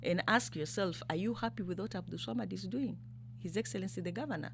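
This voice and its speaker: A woman's voice: medium pitch, fast, creaky, a little hiss or hum. A Kenyan woman from the coast speaking as a political candidate in an interview. She talks emphatically, fires off rhetorical questions and switches between English and Swahili. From Kenya, Mombasa. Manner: grows louder and more fired up. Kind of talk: impassioned political interview talk.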